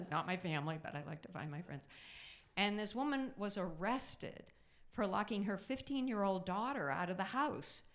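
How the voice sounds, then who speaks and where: A middle-aged woman works a live theater crowd through a handheld stage mic. Her stand-up is chatty and self-mocking, with quick asides to the audience. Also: fairly low pitch. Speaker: stand-up comedian. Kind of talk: stand-up comedy set.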